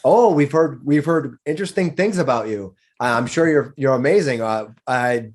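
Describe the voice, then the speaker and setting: A man's voice: medium pitch, lively intonation, normal speed, a little mellow, lightly acted. A man voicing a cheerful, friendly bearded female dwarf innkeeper in a tabletop game. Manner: friendly, laughing, welcoming.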